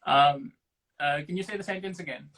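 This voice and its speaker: Bright-voiced young man answering quick questions. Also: on the high side, rough recording. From Pakistan. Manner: self-deprecating, thinks aloud with restarts. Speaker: guest. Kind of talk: casual rapid-fire Q&A.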